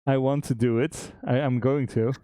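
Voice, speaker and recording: A man co-hosting a stream, chatting casually about making a game, relaxed and chuckling, often restarting his sentences. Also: mid-range voice, normal speed, smooth, dry recording, clean studio sound. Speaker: game developer and stream co-host.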